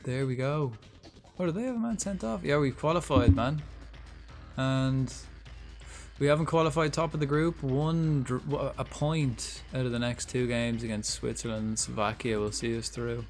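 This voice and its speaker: Soft background music plays under a mid-range male voice speaking at a moderate pace. A young gaming streamer from Ireland, he gives casual live commentary on a football management game, reacting out loud and swearing freely.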